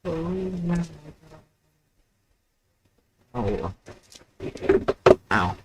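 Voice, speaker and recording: A man hosting a casual live podcast stream on his own, playful and self-mocking, swinging from loud outbursts to mumbles. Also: on the high side, very animated, very slow, slight background noise, rough recording. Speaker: podcast host.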